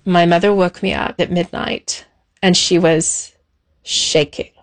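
A woman being interviewed, telling a childhood memory in a reflective, measured way with soft pauses. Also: fairly low pitch, level tone. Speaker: interview guest. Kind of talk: personal recollection.

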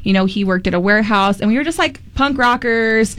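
A woman's voice: fairly high pitch, a little fast, a bit bright, dry recording. A woman tattoo artist chatting casually in a group, rambling with fillers and laughing often.

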